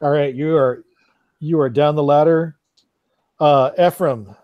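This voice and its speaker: A man narrating a tabletop game as game master over an online call, relaxed and halting as he searches for words. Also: on the high side, dry recording, highs cut off.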